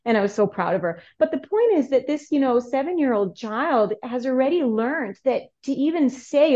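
A middle-aged woman speaking as a therapist guest on a podcast, explaining earnestly and growing animated when telling stories. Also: on the high side, brisk, hardly any pauses, muffled recording. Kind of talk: podcast interview.

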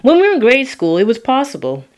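A woman from Toronto narrating her own life story in a reflective way, with long pauses. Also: fairly high pitch, huge pitch swings, darkish tone. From Toronto, Canada. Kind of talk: personal storytelling.

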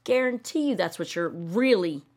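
A woman's voice: on the low side, expressive, moderate pace, darkish tone. A woman hosting a podcast, giving a blunt, exasperated reaction to a TV episode, swearing often. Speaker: podcast host reacting to a TV show. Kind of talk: ranting reaction commentary.

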